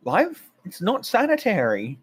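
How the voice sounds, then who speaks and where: Young man, podcast co-host, wry swearing jokes, very lively pitch. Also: a little slow, breathy edge. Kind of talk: casual chat recapping a show.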